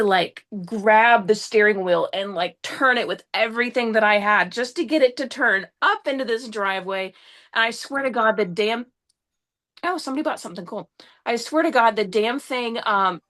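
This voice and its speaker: A young woman, a podcast guest, tells a story in an animated, casual way, rushing along and swearing now and then. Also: on the high side. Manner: excitable, swears often, rushes through the story.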